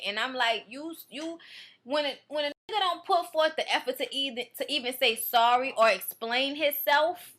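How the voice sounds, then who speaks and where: Woman reviewing reality tv, high bright voice, cussing and ranting, blunt. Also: normal speed. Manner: blunt, profane, animated ranting. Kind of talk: casual commentary.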